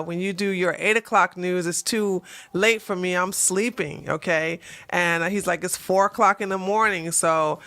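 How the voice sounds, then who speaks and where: A woman hosting a live stream, chatting casually with listeners, laughing and clearing her throat as her voice cracks. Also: medium pitch, sharp tone. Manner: chatty, laughing, many fillers and restarts. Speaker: host.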